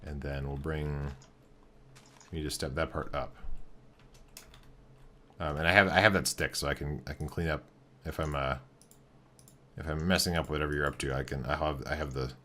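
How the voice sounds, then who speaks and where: Man, very deep voice, casual game commentary, thinking aloud, halting with fillers. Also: fairly even intonation, pushed and bright, slight background noise. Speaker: game streamer.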